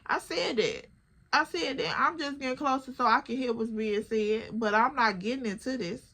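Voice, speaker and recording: A young woman with a Chicago accent telling a story in a chatty, animated way to her viewers. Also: fairly high pitch, normal speed. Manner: animated, chatty, addresses the listener as girl. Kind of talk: casual storytime vlog.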